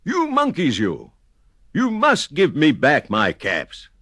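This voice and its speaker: A man's voice: high voice, very animated, very slow, a bit bright, clear, resonant tone, no room sound, pitched above the performer's own voice, exaggerated voice. A man voicing an exasperated grown peddler who scolds and insists in a storybook recording. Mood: shouting. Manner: scolding, finger-wagging, insistent.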